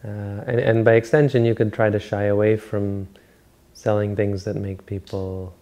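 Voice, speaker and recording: A man giving an informal Buddhist dharma talk as a monk teacher, rambling and halting with many restarts and self-corrections. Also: on the low side, flat delivery, dark tone.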